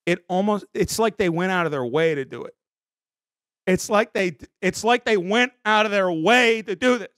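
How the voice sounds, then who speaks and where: High-voiced dude streaming, flustered and defensive, dry close mic. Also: male voice, normal speed, bright, forceful tone, dry recording. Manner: flustered, defensive rambling with restarts. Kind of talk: improvised comedy bit as a scandal-hit streamer.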